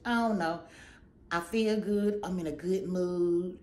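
A woman's voice: fairly low pitch, steady tone, a little slow, darkish tone, roomy sound. A woman hosting her own channel, chatting casually and goofily to camera about a shopping haul, rambling with lots of slang. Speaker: channel host.

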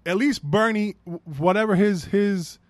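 A man's voice: high-pitched, normal speed, no room sound. A man with a New York accent ranting through a solo podcast episode, profane and rambling, talking in a heated way. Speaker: podcast host.

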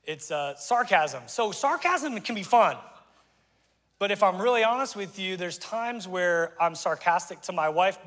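In a church auditorium, a middle-aged pastor preaches to his congregation in a conversational, joking way, with asides to the crowd. His high, expressive voice has a fairly bright tone and a measured pace, and the hall adds long reverb.

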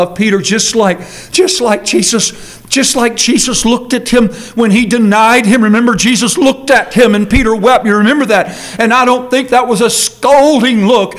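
A man preaching a sermon as a pastor, earnest, moving between quick asides and slow, emphatic phrases. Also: high voice. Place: church sanctuary.

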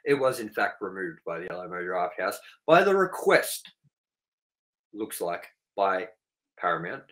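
A man's voice: low-pitched, very animated, measured pace, a bit bright. An Australian man hosting a casual podcast, his talk heated and full of profanity. He rants hard, pressing each point. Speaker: podcast co-host.

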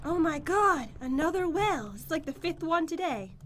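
A woman's voice: very high voice, animated, normal speed, crowd noise. A woman co-hosting a game video, teasing and giggling with her partner. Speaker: gaming channel co-host. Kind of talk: playful let's-play banter.

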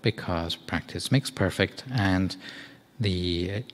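Monk, male, very low voice, measured storytelling sermon, hall reverb. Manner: measured, gentle storytelling with occasional fillers. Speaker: monk giving a Dhamma talk. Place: meditation hall.

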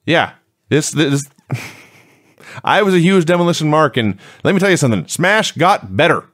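A man's voice: on the high side, expressive, normal speed, a bit bright, no room sound, clean studio sound. A man co-hosting a casual review podcast, recapping events in an easygoing way and laughing often. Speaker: podcast co-host.

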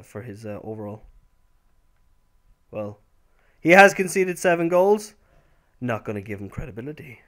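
Young guy commentating his football game, rambly and casual, yells when stuff happens, normal mid pitch. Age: young adult. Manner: rambling, with sudden excited outbursts. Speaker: gameplay commentator.

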